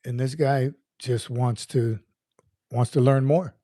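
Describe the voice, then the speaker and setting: Man, livestream host, casual chat, folksy, warm mellow voice, dry close sound. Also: mid-range voice, fairly even intonation, takes it slowly, dry recording. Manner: greets chat viewers by name, upbeat and folksy.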